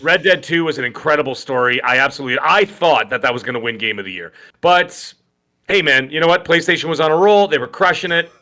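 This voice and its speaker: A man from Canada co-hosting a gaming podcast, joking and telling animated stories in casual chat. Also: fairly high pitch, fast. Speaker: podcast co-host.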